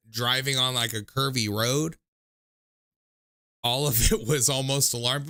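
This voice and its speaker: Young guy hosting a call-in stream, rambly and self-mocking, gravelly edge, bright tone. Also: medium pitch, moderate pace, long pauses. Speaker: call-in show host. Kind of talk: casual livestream call-in chat.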